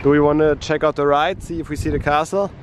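A man talking in a monotone, feeling unwell, narrating a casual travel vlog outdoors on a coastal trail. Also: a little high, quick pace. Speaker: travel vlogger. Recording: outdoor noise behind the voice.

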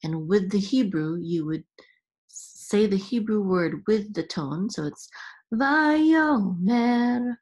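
Woman teacher, lowish voice, very slow and patient, breaks each word into its sounds. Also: warm tone, slightly rough. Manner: patient, sounds out letters and syllables one by one. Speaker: Hebrew reading teacher and podcast host. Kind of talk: step-by-step reading lesson.

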